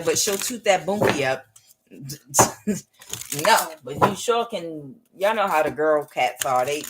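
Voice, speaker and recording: A woman's voice: sits low, animated, measured pace, noisy background. A woman giving a casual spoken tarot reading in a meandering, conversational way, often drifting into chatty asides. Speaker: tarot reader.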